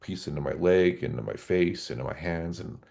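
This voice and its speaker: A man's voice: deep voice, moderate pace, gravelly, darkish tone. A man in his forties, a former police officer, earnestly recounting an emotional personal story as a podcast guest.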